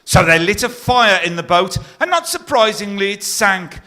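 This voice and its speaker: Compering live in a pier theatre, a middle-aged man jokes at a moderate pace, ribbing the audience and landing his punchlines deadpan. His voice is high, bright, and forceful.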